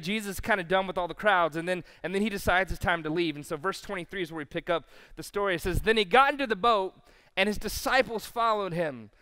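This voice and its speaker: A man's voice: sits high, pushed and bright, clean tone, in a large hall. A male pastor preaching a sermon, telling stories animatedly and acting out the quotes himself. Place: church sanctuary.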